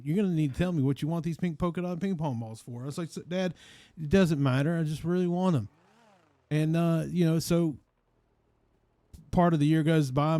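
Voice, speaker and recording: A man in an online role-play game telling a rambling, deadpan shaggy-dog story in character, repeating the same phrase again and again. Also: on the high side, dry recording.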